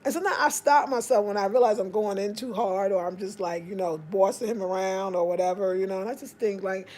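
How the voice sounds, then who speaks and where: A woman's voice: mid-range voice, fairly quick. A woman with an African American accent telling stories casually, acting out what people said in a raised voice. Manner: animated, acts out quotes in raised voice. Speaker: vlogger. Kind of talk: casual storytelling.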